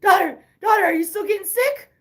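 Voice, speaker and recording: A woman imitating her flustered father, putting on a loud, high, anxious voice. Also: a little fast. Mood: alarmed. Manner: anxious, high-pitched questioning. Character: worried, flustered middle-aged dad.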